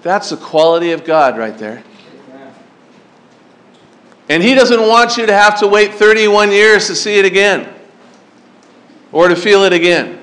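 A man pastor preaching a sermon to teenagers at a camp, telling animated stories and asking the crowd questions. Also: high voice, a little slow, pauses often. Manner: animated storytelling, acts out his younger self. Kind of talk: sermon to teen campers.

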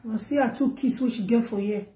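A woman speaking Nigerian Pidgin English tells an emotional gossip story as a vlogger, her voice rising and growing loud when she gets upset. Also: a little high, fairly quick, roomy sound, a little hiss or hum. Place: home in Germany.

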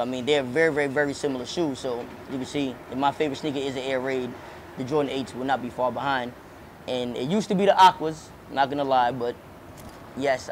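A young man telling a childhood story in a casual interview, animated and profane, repeating words as he goes. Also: mid-range voice, noisy background. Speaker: rapper and comedian, interviewee.

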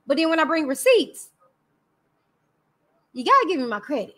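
A woman with a Texan accent hosts a casual live stream. Her voice sits high and rings bright. She talks candidly and with energy straight to her viewers, full of "y'all" and "you know what I'm saying". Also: big pitch swings, normal speed, pauses often. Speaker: livestream host.

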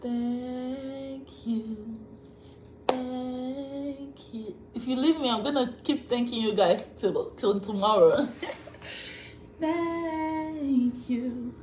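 A woman on a live stream, thanking fans over and over, laughing often and drawing out slow thank-yous. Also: sits high, background noise. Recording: echoey room with faint ambience.

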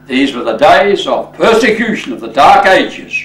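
A male pastor preaching a sermon, slow and emphatic, often addressing listeners as friends. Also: medium pitch, expressive, echoey room, far from the mic, poor audio.

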